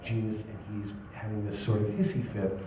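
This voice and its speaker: A male voice actor chatting casually in an animated, reminiscing manner, recorded from a distant mic with background noise. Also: fairly low pitch, brisk. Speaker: voice actor guest. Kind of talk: casual storytelling. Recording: echoey room from a distant mic, noisy.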